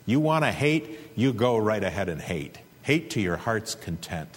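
A male preacher delivering an earnest, emphatic sermon with a husky voice. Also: lowish voice, very animated, moderate pace, long reverb tail. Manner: earnest, emphatic exhortation with rising intensity.

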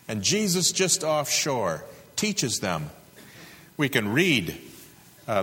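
A man preaching a sermon, with dramatic rises to loud peaks and drops to a hush. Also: fairly high pitch. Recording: reverberant hall.

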